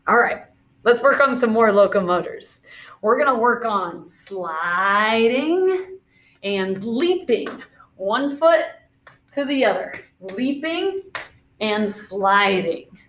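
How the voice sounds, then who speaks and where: A woman's voice: on the high side, expressive, slow, a bit bright, a little hiss or hum. A woman teacher leading a classroom video lesson, talking through scenarios and calling out movement commands in an encouraging way.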